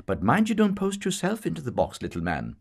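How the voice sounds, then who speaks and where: A man voicing a genial middle-aged Jesuit priest who talks in a gentle, affable, teasing way. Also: a little high, huge pitch swings, a little fast, gravelly, breathy edge, pitched above the performer's own voice, exaggerated voice.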